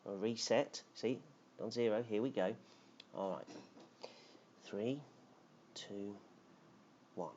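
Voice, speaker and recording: A man teaching a live-streamed lesson, halting with many filler sounds and playful as he tries tongue twisters. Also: lowish voice, darkish tone, slight background noise. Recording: dull lo-fi live stream audio.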